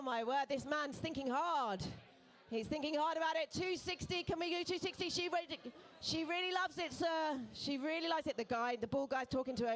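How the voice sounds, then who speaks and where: A woman running a live charity auction in a pub, calling bids in a brisk, coaxing, playful way. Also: high voice, a bit bright. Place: pub event room.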